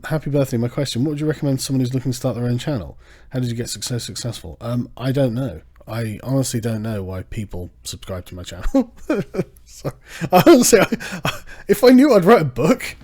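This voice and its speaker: A man hosting his own channel in a casual livestream, ranting with a profane, sarcastic, animated manner. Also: medium pitch. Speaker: channel host.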